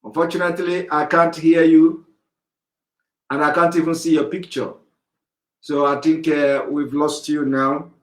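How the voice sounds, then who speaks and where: A male host running a call-in talk program, with a slightly raised pitch. He speaks firmly and in a measured way, and his voice carries noticeable room echo. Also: level tone. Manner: firm, measured, interjecting. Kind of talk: online talk program hosting.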